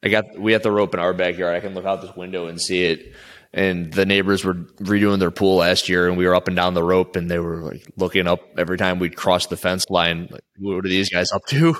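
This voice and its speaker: A man's voice: deep voice, flat delivery, fairly quick, fairly bright tone. A man coaching and interviewing an athlete in a casual chat, rambling and restarting his sentences often.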